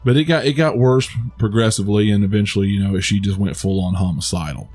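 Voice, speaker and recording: Talking fast in a fairly low, somewhat mellow voice, this co-host rambles through a casual movie review on a podcast. He restarts often and chuckles at his own jokes while soft music plays in the background.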